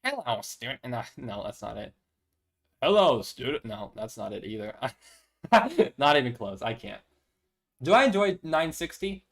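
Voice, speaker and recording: A man's voice: medium pitch, very animated, normal speed, a bit bright. A young man streaming chess, chatting casually, self-deprecating and thinking aloud. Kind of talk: casual live-stream chat.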